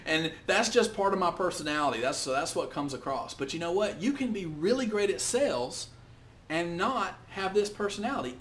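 An outgoing, chatty man hosting a business tip video and speaking in a slightly high voice. He repeats and restarts words as he talks straight to the camera. A faint low rumble runs under the recording. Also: fairly bright tone. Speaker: host of business tips videos. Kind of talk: casual to-camera tip talk.

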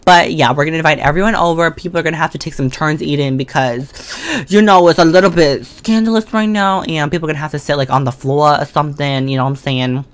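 A woman giving casual, slangy commentary while playing a life-simulation game, chatting to the characters on screen and breaking into excited or mock-scared outbursts. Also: sits low, quick pace, hardly any pauses, no room sound. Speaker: gaming video creator. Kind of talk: casual let's-play commentary. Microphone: desk condenser mic.

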